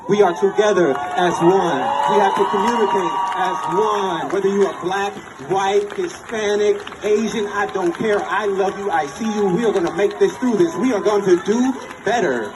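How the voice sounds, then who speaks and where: A man's voice: high-pitched, normal speed, few pauses. A man in his twenties with an American accent, giving an impassioned rally speech at an outdoor protest and repeating his phrases like a preacher. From United States. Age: 20s. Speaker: protest speaker. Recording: distant mic with loud crowd noise. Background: cheering crowd.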